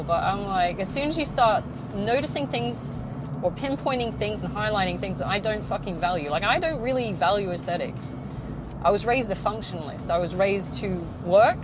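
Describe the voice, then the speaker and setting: A woman's voice: mid-range voice, noisy background. A woman hosting a casual podcast from her car, talking bluntly with frequent swearing and laughter. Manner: blunt and sweary, laughs often, mimics others in sing-song voices. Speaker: podcast host. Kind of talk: casual monologue.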